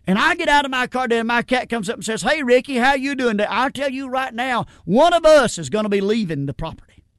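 A man's voice: very high-pitched, big pitch swings, brisk, a bit bright, no room sound, clean studio sound. A middle-aged man preaching a sermon in a plain, folksy way, stumbling over repeated words and dropping in frequent amens. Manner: plain-spoken folksy preaching, frequent stammered restarts and "amen".

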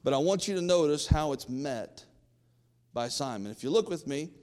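A man preaching from the pulpit, folksy and emphatic. His voice sits a little high for a man, and he talks straight to the congregation. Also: lively intonation, moderate pace, a little mellow, in a large hall. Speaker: pastor. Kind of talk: sermon.

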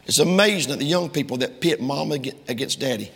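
Male preacher, gravelly fry in his voice, emphatic sermon delivery, quoting old-style scripture, long church-hall echo. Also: medium pitch, lively intonation, fairly quick, hardly any pauses, fairly bright tone, a little hiss or hum. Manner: emphatic, quotes King James scripture; addresses the congregation directly.

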